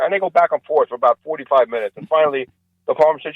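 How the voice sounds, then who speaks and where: Male comedian guest, lively joke-teller, muffled dry radio audio. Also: racing, no room sound. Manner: animated joke-telling, acts out characters with rising pitch. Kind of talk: radio interview storytelling. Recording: dull lo-fi radio sound, dry.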